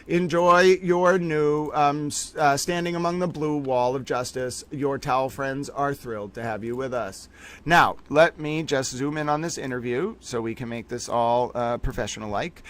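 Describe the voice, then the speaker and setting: Man, live stream host, playful mock-grand rambling, mid-pitched, tired late-night streaming energy. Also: steady tone, moderate pace, fairly bright tone, no echo. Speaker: livestream host. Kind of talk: long live stream commentary.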